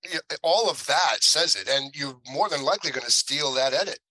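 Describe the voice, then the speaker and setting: A man's voice: mid-range voice, normal speed, no echo, low-quality recording. A man, an actor, telling stories in a casual interview and animatedly acting out what others said. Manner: animated, acts out other people's lines. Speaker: actor guest.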